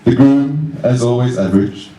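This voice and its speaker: A young man giving a best man's wedding speech, halting and self-deprecating, chuckling along with his own jokes. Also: mid-range voice, mellow. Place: wedding reception room. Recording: roomy echo, mic at a distance.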